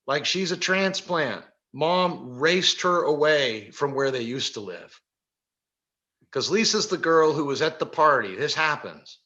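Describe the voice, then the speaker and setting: Lively storytelling man, bright voice. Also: fairly high pitch, lo-fi sound. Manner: animated, laughs often, many fillers like "right?". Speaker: workshop speaker. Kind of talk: storytelling talk. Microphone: video call.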